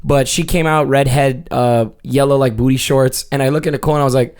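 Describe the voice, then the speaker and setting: A man telling a long story in casual podcast chat, acting out quotes with shouts and laughter and swearing freely. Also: mid-range voice, fairly even intonation, fairly quick, clear, resonant tone. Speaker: podcast co-host.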